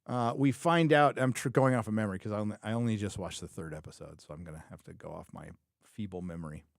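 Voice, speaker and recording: A lowish, creaky male voice speaks at a quick pace, studio quality with no room sound. He's the host of a live show reviewing a TV series, giving casual, opinionated livestream commentary full of rambling, thinking aloud, frequent self-corrections, and repeated phrases for emphasis.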